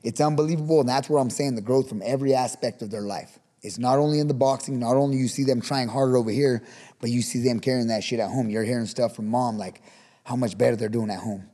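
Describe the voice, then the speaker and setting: A man who coaches boxing, talking fast in a casual podcast interview, swearing freely and acting out the shouts he gives his fighters. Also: medium pitch, fairly even intonation, long reverb tail. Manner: profane, fired-up, acts out shouted coaching.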